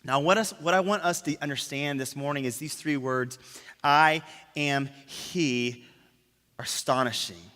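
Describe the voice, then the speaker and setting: A man pastor preaching a sermon, emphatic, dropping to a hush on key words and asking rhetorical questions. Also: mid-range voice, brisk, few pauses. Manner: asks the crowd rhetorical questions. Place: church sanctuary. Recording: long reverb of a church hall.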